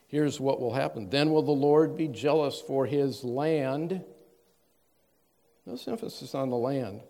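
A man preaching a sermon, reading scripture aloud with measured stress and then explaining it in plain words. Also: mid-range voice, warm tone. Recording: long hall reverb.

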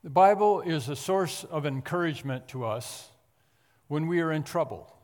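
Pastor guy preaching, earnest, kinda high voice, long echo like a big church. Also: animated, moderate pace, a little mellow. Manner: earnest preaching with emphatic rises. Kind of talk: sermon. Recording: long hall reverb.

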